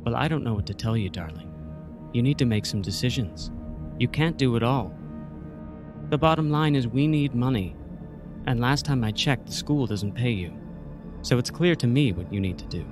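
A man's voice: medium pitch, lively intonation, moderate pace, over music, natural voice. A man voicing a manipulative, cold middle-aged mother who coaxes in a syrupy way. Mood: pushy. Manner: syrupy, coaxing, calls everyone darling.

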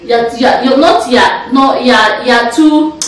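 A mother hosting a casual family vlog chats and teases in a Nigerian accent, laughing often. Her voice is a little high and moderately paced, recorded off-mic in an echoey room.

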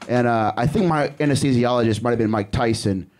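A man's voice: mid-range voice, a little fast, a little mellow, a little hiss or hum. A young man doing a crude, rambling stand-up set on a comedy club stage, breaking off to laugh at himself. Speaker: stand-up comic.

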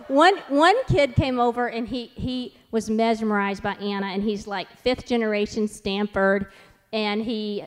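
A woman in her forties tells family stories to a conference audience. Her voice is a touch high for a woman, and she talks in a chatty, animated way full of asides. Her delivery runs loose and conversational. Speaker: conference speaker. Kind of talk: storytelling talk.

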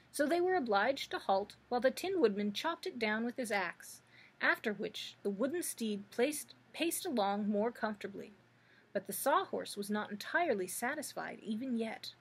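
Husky-voiced woman reading a story aloud. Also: a little high. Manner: expressive storytelling. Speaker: librarian. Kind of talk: children's book read-aloud.

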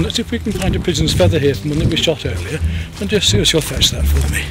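A man's voice: fairly high pitch, lively intonation, fast, few pauses. A man, a dog trainer, outdoors in the countryside, giving commands and enthusiastic, sing-song praise to a puppy. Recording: outdoor field audio under loud music.

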